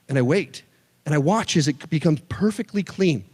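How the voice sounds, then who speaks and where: Man, 30s, youth pastor, sermon, animated storytelling, jokey asides, long hall echo. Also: fairly high pitch, moderate pace, breathy edge. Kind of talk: sermon to a student audience. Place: church hall.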